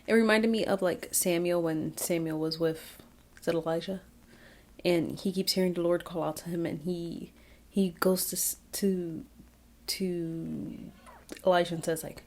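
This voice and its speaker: A woman's voice: lowish voice, steady tone, measured pace, darkish tone. A woman giving a casual, reflective Bible recap, chatty with many fillers and restarts. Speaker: Bible study vlogger. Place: outdoors, windy.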